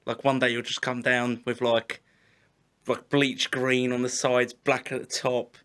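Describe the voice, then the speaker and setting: A man's voice: mid-range voice, level tone, a little slow, fairly bright tone, smooth. A man hosting a podcast, chatting casually with stops, restarts and lots of "like". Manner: casual, repeats words, fillers like "like". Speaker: podcast host. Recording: dull lo-fi recording.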